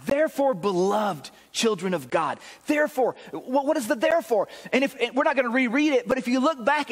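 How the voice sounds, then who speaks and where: A man's voice: very high-pitched, long reverb tail. A man preaching a sermon as pastor, earnest and encouraging, often repeating his phrases. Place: church sanctuary.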